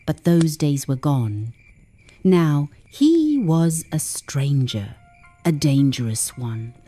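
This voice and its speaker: A woman narrating a first-person story for English learners in a slow, measured way, dropping to whispers at the tense moments. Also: on the low side, mellow.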